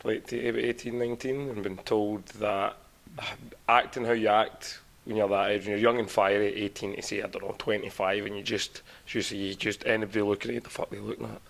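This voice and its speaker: A man's voice: on the low side, level tone, a little fast, vocal fry, fairly bright tone. A young Scottish man from Glasgow co-hosting a podcast, swearing freely and teasing his friends in blunt casual banter. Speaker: podcast co-host.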